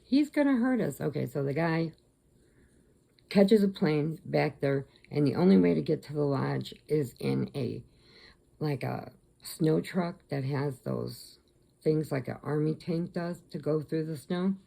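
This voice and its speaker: A woman's voice: sits low, a little slow, vocal fry, mellow. A woman crochet vlogger chatting to camera at home, retelling a story in a rambling, chatty way with restarts.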